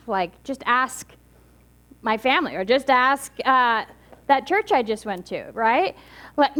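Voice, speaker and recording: A woman minister gives a relaxed weekly talk, telling a parable in a loose, chatty way. She talks in a high voice, often stopping and restarting her sentences. Now and then she laughs at her own telling. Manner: chatty and halting, with many restarts, laughing at herself. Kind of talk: sermon with storytelling.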